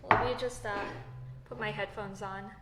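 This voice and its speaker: A woman's voice: mid-range voice, steady tone, moderate pace. A Canadian woman hosting a casual livestream. She reads chat comments and rambles with lots of fillers and self-corrections. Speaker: livestream host reading chat. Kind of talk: casual live chat while building. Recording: echoey room with faint background noise.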